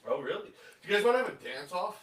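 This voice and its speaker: A man chiming in on a casual podcast chat with quick wisecracks. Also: high voice, big pitch swings, breathy edge. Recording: far from mic in an echoey room with loud noise.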